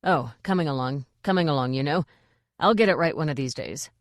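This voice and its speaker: A woman's voice: fairly quick, no room sound, studio quality, close to an everyday voice. A woman voicing an evasive, wheedling male dwarf playwright. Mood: sheepish. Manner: wheedling, low and sheepish.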